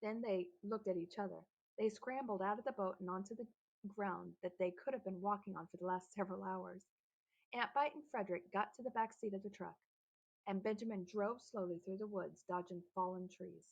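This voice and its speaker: A woman narrating a children's novel aloud, telling the story in a steady, lightly animated way. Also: medium pitch, a little fast, creaky, lo-fi sound. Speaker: audiobook narrator.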